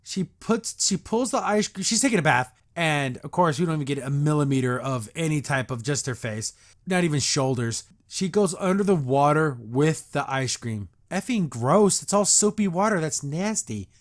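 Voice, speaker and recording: A man's voice: fairly high pitch, expressive, normal speed. A man hosting a podcast, recapping and reacting to a cartoon episode in a sarcastic, exasperated rant.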